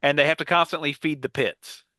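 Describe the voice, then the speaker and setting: A man's voice: a little high, fairly even intonation, fairly quick, pushed and bright, no echo. A man co-hosting a casual podcast, rambling with many fillers and restarts. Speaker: podcast co-host. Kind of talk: casual panel chat.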